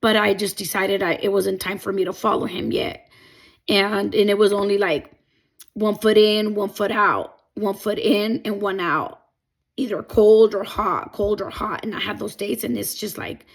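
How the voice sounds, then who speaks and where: Emotional woman with a gravelly voice. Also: medium pitch, steady tone, normal speed. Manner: emotional, rambling retelling with many fillers. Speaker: testimony vlogger. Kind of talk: personal faith testimony.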